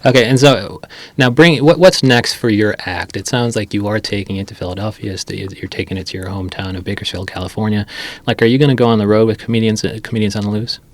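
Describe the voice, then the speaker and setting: Fast-talking male interviewer, low voice. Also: no room sound. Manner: fast, long rambling questions. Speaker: podcast host. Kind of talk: casual interview. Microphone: studio mic.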